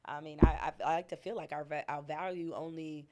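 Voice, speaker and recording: A woman's voice: deep voice, steady tone, brisk, darkish tone. A middle-aged woman speaking candidly and emphatically as a podcast guest, laughing often. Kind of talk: casual interview conversation.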